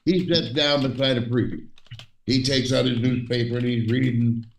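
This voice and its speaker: A man's voice: medium pitch, steady tone, normal speed. A man telling a joke on a live stream in an easygoing, storytelling manner. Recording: echoey room, distant from the mic.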